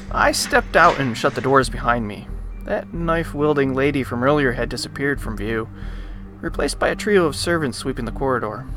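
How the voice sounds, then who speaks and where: A man hosting a let's play, reading a visual novel's narration aloud and breaking off into animated, joking rants. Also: fairly high pitch. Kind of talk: reading game text aloud with commentary.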